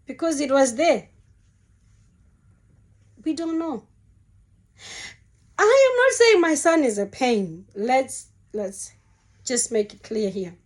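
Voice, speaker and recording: Earnest slow-speaking woman giving testimony. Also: high-pitched, sing-song. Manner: emotional, earnest, repeats phrases. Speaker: Christian vlogger sharing her testimony. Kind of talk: sermon-like personal testimony.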